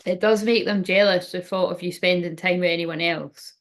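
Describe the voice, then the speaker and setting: A woman's voice: lowish voice, fairly even intonation, moderate pace. A woman giving a casual tarot card reading, thinking aloud in a rambling way and swearing now and then.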